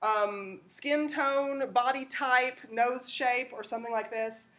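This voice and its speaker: A woman's voice: on the high side, fairly even intonation, slow pace, a bit bright. A woman lecturing a classroom, talking conversationally and checking in with "okay?". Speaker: teacher.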